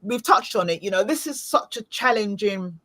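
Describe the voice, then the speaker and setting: Lady hosting a chat show, mid pitch, loose and chatty, lots of "you know". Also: lively intonation, normal speed, pushed and bright. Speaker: podcast host. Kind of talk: casual interview chat.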